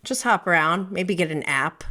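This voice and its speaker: Bright-voiced laughing woman guest. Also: on the low side, moderate pace. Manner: laughs often, gossipy and emphatic. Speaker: podcast guest. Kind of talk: casual chat.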